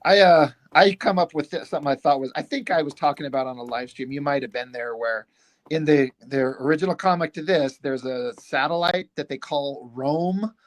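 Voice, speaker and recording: Animated man acting out his own thoughts. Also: on the high side, a little fast. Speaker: comic book creator. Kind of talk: casual creative chat.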